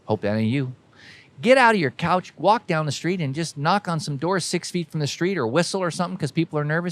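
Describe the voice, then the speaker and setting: A man's voice: a little high, lively intonation, a little fast. Folksy preaching American podcast host man. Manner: folksy, emphatic, exhorting listeners directly. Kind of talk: preachy motivational monologue.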